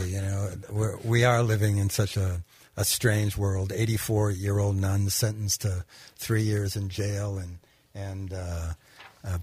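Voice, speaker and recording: A man co-hosting a radio talk show, reading news and commenting in a halting way with fillers. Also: deep voice, a little mellow, breathy edge, no echo. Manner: halting, with fillers and restarts when speaking freely. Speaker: radio co-host.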